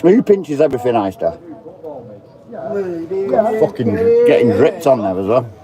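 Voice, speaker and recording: A man's voice: mid-range voice, big pitch swings, a little slow. Man chatting in a crowd. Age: 30s. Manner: chatty, swears a lot, jokey banter. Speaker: vlogger. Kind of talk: casual chat to camera. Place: outdoors in the rain by a pub. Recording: outdoor crowd noise.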